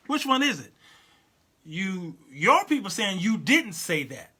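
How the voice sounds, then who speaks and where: A man in his fifties with a high, piercingly bright voice talks straight to his viewers. He delivers a loose, animated commentary and laughs often. Now and then he stops to answer comments from the live chat. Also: slow, husky. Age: 50s. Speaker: talk show host. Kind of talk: casual commentary monologue.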